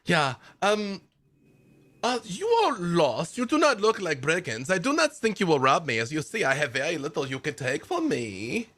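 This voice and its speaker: A man's voice: on the high side, huge pitch swings, normal speed, fairly bright tone, voice pushed up, exaggerated voice. A man voicing a cheerful, carefree young man with a put-on German accent and broken, friendly phrasing.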